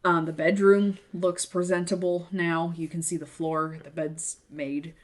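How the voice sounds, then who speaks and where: A woman's voice: on the low side, little pitch movement, a little slow. A woman co-hosting a podcast in casual chat, rambling through anecdotes and swearing freely, recorded in a half-unpacked apartment. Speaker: podcast co-host.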